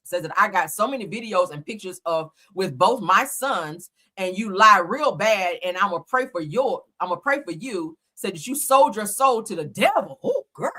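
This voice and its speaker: Animated woman dishing gossip. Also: mid-range voice, moderate pace, hardly any pauses. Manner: animated and profane, laughing often, reads posts aloud. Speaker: host. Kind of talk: casual gossip commentary.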